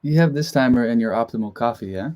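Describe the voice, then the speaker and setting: A man's voice: mid-range voice, quick pace, a crowd in the background. A man co-hosting a casual tutorial, chiming in with short reactions and questions. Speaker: co-host. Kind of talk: casual screen-share tutorial.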